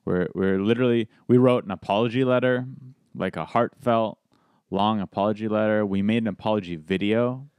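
Comedian telling a story on a podcast: a low-voiced man, animated, acts out the voices in it. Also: a little fast, smooth, no echo. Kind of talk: casual storytelling chat.

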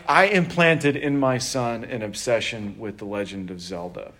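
A man's voice: medium pitch, fairly bright tone. A middle-aged man preaching a sermon in a conversational way, joking with the congregation and acting out quotes. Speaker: pastor.

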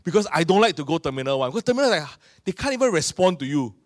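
A middle-aged man with a Singaporean English accent, preaching a sermon in an animated storytelling manner. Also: fairly high pitch, very fast, dry recording, studio quality. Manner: animated storytelling, acting out voices of people in his stories. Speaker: pastor.

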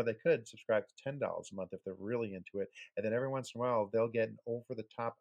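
A man co-hosting a podcast in casual chat, rambling through points with quick asides. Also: gravelly, a little mellow. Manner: hammy mock-sales pitch in plugs. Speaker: podcast co-host.

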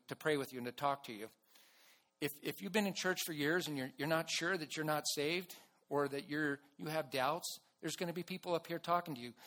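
A man preaching a sermon to his church in an earnest way, with restarts and bursts of loud emphasis. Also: fairly high pitch. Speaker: pastor.

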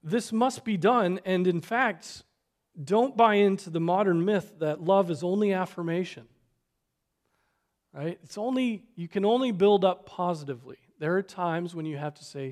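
A man preaching a sermon, earnest, swinging between loud exhortation and soft, quiet asides. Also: sits high, normal speed. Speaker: pastor.

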